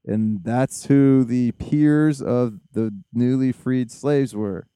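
A man hosts a podcast in loose, rambling chat, excitable and full of fillers. His voice is smooth and warm, and the recording is dry and close. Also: mid-range voice, slow pace, no room sound. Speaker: podcast host. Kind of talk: casual chat.

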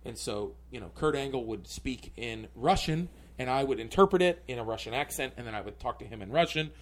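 A man's voice: medium pitch, lively intonation, fairly quick. Rambling man telling a story. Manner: rambling, full of filler words. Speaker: comedian guest. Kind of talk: casual podcast storytelling.

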